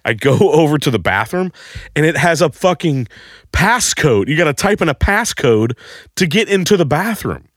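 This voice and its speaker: A man co-hosting a podcast, telling a crude comedic story and shouting the quoted lines. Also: on the high side, very animated, moderate pace, no room sound, clean studio sound.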